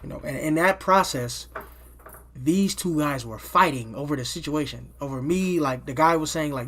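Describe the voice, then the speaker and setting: A man recounting a personal story to his viewers in a loose, unscripted way. His voice sits a little high for a man. He swears freely, trips over restarts and keeps checking in with his listeners. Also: moderate pace, fairly bright tone, slight background noise. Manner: loose and profane, with many restarts and "you know what I'm saying" tags. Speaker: vlogger telling a personal story. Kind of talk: casual storytime monologue.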